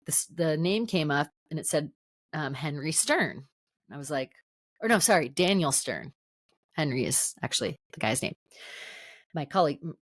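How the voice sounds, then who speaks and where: A woman's voice: lowish voice, no echo, studio quality. A woman hosting a solo podcast, telling stories in a chatty way with many fillers and self-corrections. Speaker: podcast host.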